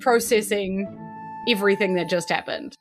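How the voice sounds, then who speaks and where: A woman's voice: mid-range voice, normal speed, music in the background. A woman with a New Zealand accent narrating as game master in a loose, rambling way. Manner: loose and rambling, with many fillers.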